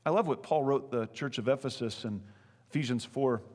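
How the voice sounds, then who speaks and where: A man preaching with a middle-pitched voice, earnest and conversational. He leans on rhetorical questions as he preaches a sermon. His voice rings with long reverb, as in a church hall. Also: brisk, darkish tone. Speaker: pastor.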